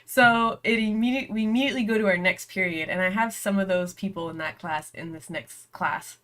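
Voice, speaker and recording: A woman's voice: mid-range voice, brisk, hardly any pauses, a bit bright. A young woman telling a rambling story in casual chat as host of a reading vlog, giggling often and filling her speech with "like" and "um". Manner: chatty and giggly, breaks into laughter often; rambling, with many "like" and "um" fillers. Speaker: book vlogger hosting reading sprints.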